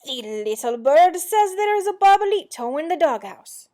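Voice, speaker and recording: A woman voicing a boastful, excitable young boy cat hero with Spanish flair. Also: fairly high pitch, unhurried. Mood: excited. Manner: loud, excited, sing-song.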